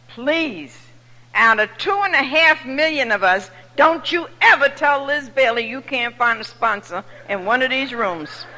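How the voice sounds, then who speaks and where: An older woman from New York with a New York accent, telling her personal story to an audience as a recovery meeting speaker, lively and humorous. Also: on the high side. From New York City. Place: large meeting hall. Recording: echoey hall recording.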